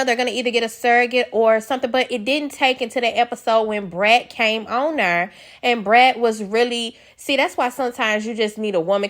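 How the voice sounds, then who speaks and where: A woman recapping a reality show in a casual, blunt, animated way, swearing freely and acting out quotes. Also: fairly high pitch. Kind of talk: casual chat.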